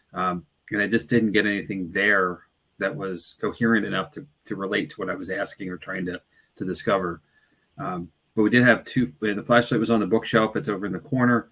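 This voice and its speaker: A man's voice: sits low, steady tone, a little fast, a bit bright, breathy edge. A man who investigates the paranormal, recounting his night in a hesitant, casual way with frequent restarts. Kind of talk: casual podcast chat.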